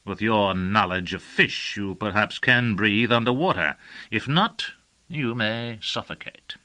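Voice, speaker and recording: A husky, proud sorcerer full of wrath, as a male narrator puts him on, cruel and menacing. His raised voice comes out bright and tense in an audiobook reading. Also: lowish voice, measured pace, low-quality recording. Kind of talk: audiobook character voice.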